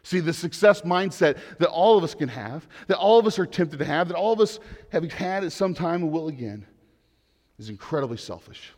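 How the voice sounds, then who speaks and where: A man preaching a sermon in an earnest way, rising to loud pleading and dropping to hushed lines. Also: fairly high pitch, lively intonation, normal speed, long reverb tail. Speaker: pastor.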